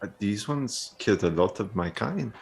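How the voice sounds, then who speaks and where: Bewildered man with lively pitch. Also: normal speed, creaky. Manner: bewildered, questioning. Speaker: player. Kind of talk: in-character tabletop play.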